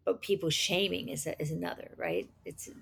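A middle-aged woman guest in a casual interview, often halting and restarting her sentences. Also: fairly low pitch, fairly even intonation, gravelly, a little hiss or hum.

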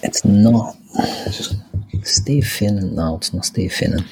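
A man's voice: on the low side, takes it slowly, breathy edge. A man taking part in a football quiz, thinking aloud and swearing casually. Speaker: quiz contestant. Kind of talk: casual podcast banter.

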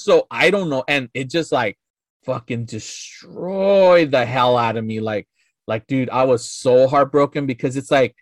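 A man's voice: mid-range voice, moderate pace, no echo, clean studio sound. A man in his thirties, a podcast guest telling a story casually in a rambling, profane way full of filler words.

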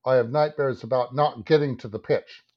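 A man in his fifties tells a long, animated anecdote as a podcast guest, acting out his own thoughts and swearing freely. His voice sits in a middle pitch, and the recording sounds dull and lo-fi. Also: normal speed. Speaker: guest, advertising creative director. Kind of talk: anecdotal storytelling in a podcast interview.

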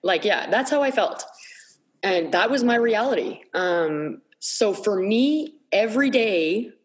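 A woman's voice: medium pitch, lively intonation, slow. Earnest woman sharing her story. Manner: emotional, earnest, repeats herself when searching for words. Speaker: podcast guest. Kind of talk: candid personal storytelling.

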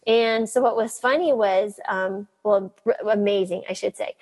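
A middle-aged woman doctor telling lively stories in an interview, laughing often and mimicking the people she quotes. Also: medium pitch, normal speed, husky. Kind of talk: storytelling in an interview.

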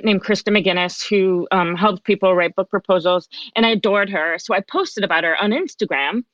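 A woman's voice: mid-range voice, a bit bright. A woman speaking as a podcast guest, telling her own story in a candid, chatty way. She acts out the lines she quotes. Her voice sounds a little dull and dry, with no room echo. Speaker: podcast guest, author and coach. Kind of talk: personal storytelling in a conversation.

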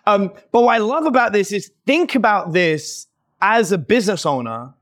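A man talking as a podcast guest, telling lively stories and acting out the people he quotes, with lots of "like" fillers. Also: sits high, normal speed. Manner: animated, acts out quoted voices, many "like" fillers. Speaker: podcast guest, dating company owner. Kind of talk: casual conversational storytelling.

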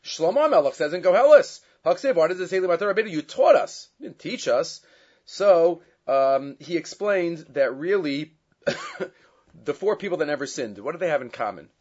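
A man teaching a Torah lesson, reading Hebrew and Aramaic texts and translating them, with many fillers and lively stretches when he retells a story. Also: a little high, moderate pace. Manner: grows loud and animated when retelling the story. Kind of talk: Torah class lecture. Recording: dull lo-fi sound.

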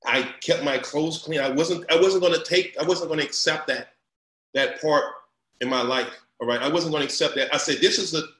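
A middle-aged man talks in a fairly high voice, repeating words as he builds up steam. His story grows louder and more animated as it goes. The room around him rings with a roomy echo. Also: fast talker. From Louisiana. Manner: animated, repeats himself, rising into loud storytelling. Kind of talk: casual conversation.

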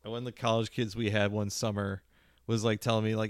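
A man's voice: mid-range voice, fairly quick, no room sound, studio quality. A man co-hosting a comedy podcast, telling rambling anecdotes in casual chat. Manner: rambling anecdotes, lapses into silly voices. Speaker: podcast co-host.

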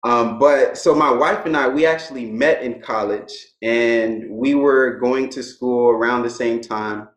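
A young man, a guest in a casual interview, telling his stories in a relaxed way and laughing often. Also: mid-range voice, a little slow, hardly any pauses, reverberant, rough recording.

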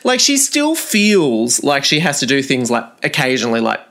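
A man co-hosting a podcast, talking in a wry, animated way and often laughing. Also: medium pitch, moderate pace. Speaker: podcast co-host. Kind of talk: casual chat.

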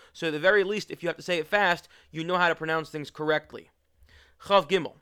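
A man's voice: a little high, bright, forceful tone, smooth, dry recording, clean studio sound. A man teaching a religious text, reading lines aloud and then explaining them in an easygoing way with frequent restarts. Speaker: Torah teacher. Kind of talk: text study lesson.

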